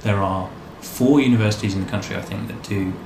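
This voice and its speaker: A man's voice: on the low side, fast. A man telling his life story in a casual interview, rambling and self-deprecating. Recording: echoey room, faint background noise.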